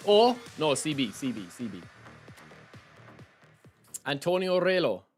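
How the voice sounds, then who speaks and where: Excitable Irish man streaming, lads. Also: a little high, slow, faint music behind. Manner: excitable, chatty, addresses chat as lads. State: sleep-deprived. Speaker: gaming streamer. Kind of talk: live stream chat while opening game packs.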